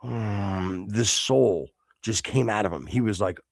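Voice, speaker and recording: Podcast host, man, gravelly, profane and fired up, acts out both voices in a story, dry studio sound. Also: lowish voice, slow, no room sound. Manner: profane, heated, acts out both sides of a confrontation. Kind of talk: casual storytelling chat.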